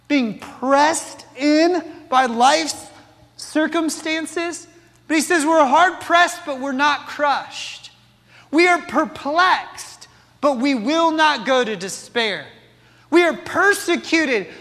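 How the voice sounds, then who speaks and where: A man's voice: extremely high pitch, pushed and bright, big-room sound. A man preaching a sermon, impassioned and asking the congregation rhetorical questions. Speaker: pastor.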